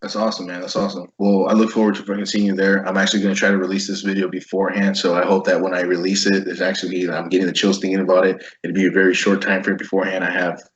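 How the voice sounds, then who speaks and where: Low-voiced profane man hosting. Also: rapid-fire, hardly any pauses, dull audio, a little hiss or hum. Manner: profane, animated storytelling. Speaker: host. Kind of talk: casual interview.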